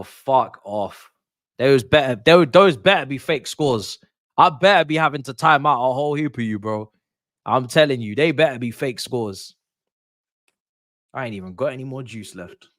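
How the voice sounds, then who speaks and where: A man's voice: mid-range voice, expressive, a little slow, a bit bright, dry recording. A young man reacting live to a football match, exasperated and swearing. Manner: exasperated, swearing, muttering to himself. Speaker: football watch-along host.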